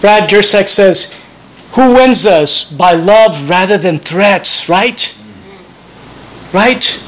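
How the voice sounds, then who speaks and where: A man's voice: high-pitched, lively intonation, extremely slow, fairly bright tone, poor audio. A man preaching a sermon as pastor, earnest and conversational, often restarting his phrases.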